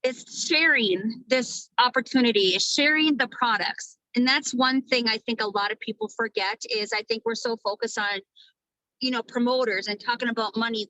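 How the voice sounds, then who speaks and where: A woman from Minnesota in her thirties giving a casual, energetic motivational training talk to her sales team, swearing freely. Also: on the high side, no room sound, rough recording. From Minnesota, USA. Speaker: network marketing team leader.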